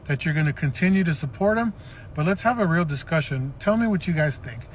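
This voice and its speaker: A man speaking to the camera in a measured, disappointed tone, asking viewers for their opinions. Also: a little high, lively intonation, slight background noise. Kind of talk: commentary video addressing viewers.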